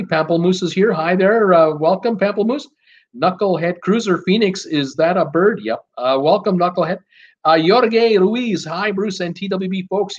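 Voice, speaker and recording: A man hosting a live stream, chatting casually and greeting viewers by name as he reads their comments aloud, with lots of "uh" fillers along the way. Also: high-pitched. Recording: dull lo-fi sound.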